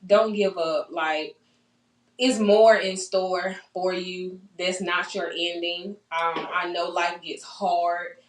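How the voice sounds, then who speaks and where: A woman's voice: fairly low pitch, fairly even intonation, slow, slight background noise. A young woman hosting a podcast in casual chat, earnest and encouraging, often repeating herself for emphasis. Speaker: podcast host. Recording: roomy sound from a distant mic.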